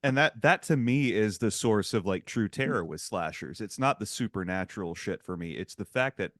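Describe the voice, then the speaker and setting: A man's voice: fairly low pitch, lively intonation, moderate pace, fairly bright tone, no echo, clean studio sound. A laid-back man chatting on a podcast. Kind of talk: casual podcast chat.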